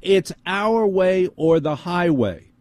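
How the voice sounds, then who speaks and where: A man puts on the voice of a prissy store manager, pitched well above his own. It sounds fussy and lecturing, with a soft, mellow tone in a dry, close recording. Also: expressive, takes it slowly, no room sound. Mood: condescending.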